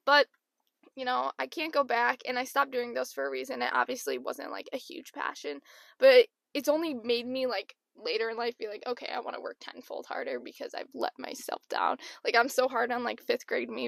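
Chatty high-pitched young woman, gravelly edge. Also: expressive, normal speed, a bit bright, no echo. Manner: chatty, self-deprecating, lots of "like". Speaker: podcast host. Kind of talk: casual storytelling.

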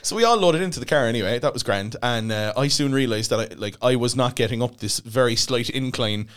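A man with a Cork Irish accent, a podcast guest telling a lively anecdote in casual chat and acting out what people said. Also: mid-range voice, a little fast, smooth. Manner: animated anecdote-telling, acts out quotes. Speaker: podcast guest, radio presenter.

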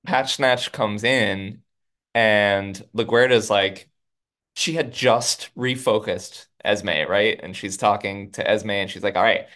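A man co-hosting a podcast, talking in a loose, casual way. His voice sits fairly low, and he breaks into quick quoted lines as he retells scenes. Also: pushed and bright. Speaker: podcast co-host. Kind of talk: casual recap chat.

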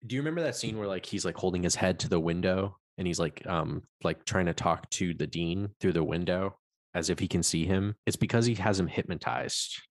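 Deep-voiced man in casual movie chat. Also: a little fast, dry recording, clean studio sound. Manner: loose and rambling, swears, acts out quotes. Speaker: podcast co-host. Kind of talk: casual film discussion.

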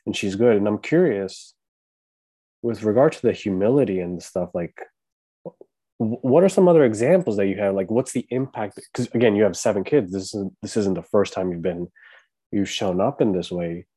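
A male podcast host with a low, mellow voice asks curious questions. His speech is loose and filled with casual "like"s. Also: normal speed, husky.

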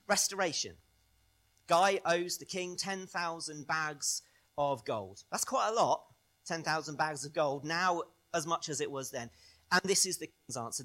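A male pastor preaching a sermon in an animated way, swinging between loud stresses and soft, quiet phrases. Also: fairly high pitch, moderate pace.

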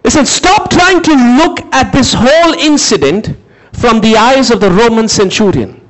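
A man preaching a sermon, dramatic, shouting some phrases and dropping low and slow for others, asking listeners to repeat words after him. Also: animated, poor audio. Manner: dramatic, swings from high emphatic shouts to low slow intense delivery.

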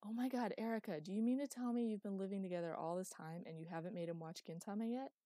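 A woman's voice: medium pitch, fast talker, dark tone, no echo, clean studio sound, close to an everyday voice. A woman voicing a playful adult daughter who teases her father in a bubbly way. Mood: teasing. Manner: bubbly, teasing.

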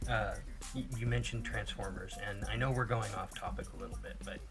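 A man's voice: fairly low pitch, brisk, over music. A man co-hosting a casual talk show, telling rambling stories with lots of restarts. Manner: rambling, animated storyteller with many restarts. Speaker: podcast co-host. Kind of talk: casual chat.

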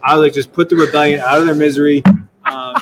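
A young man speaking as a guest in a casual interview. He talks in a rambling, animated way, restarting often. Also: on the high side, quick pace, vocal fry, far from the mic, poor audio. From United States. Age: young adult. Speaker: state legislator guest.

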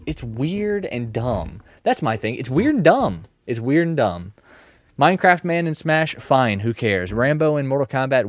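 A man hosting a casual solo podcast from his mom's house, rambling in a joking, self-mocking way with animated swings in loudness. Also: fairly low pitch, dry recording. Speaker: podcast host and streamer.

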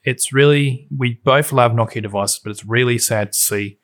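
A man's voice: medium pitch, moderate pace, fairly bright tone. A man co-hosting a casual tech podcast, talking in a rambling, nostalgic way with lots of fillers. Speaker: podcast co-host.

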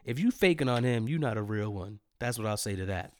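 A man's voice: on the low side, expressive, a little fast, a little mellow. A man in his thirties hosting a casual solo storytelling show, laughing often and repeating phrases for effect. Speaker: host.

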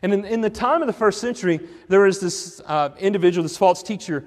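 A man's voice: high-pitched, brisk, darkish tone, in a large hall. A man preaching a sermon, emphatic and questioning, with frequent restarts.

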